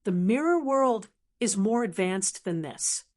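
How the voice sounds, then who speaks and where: A woman voicing a calm young male martial hero in an audiobook, giving brief, plain replies. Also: medium pitch, slow pace.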